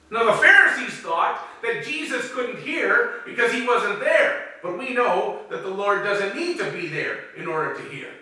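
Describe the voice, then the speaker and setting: High, lively male preacher in echoey church. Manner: dramatic, acting out quoted voices. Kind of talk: sermon. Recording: very echoey room, speaker far from mic.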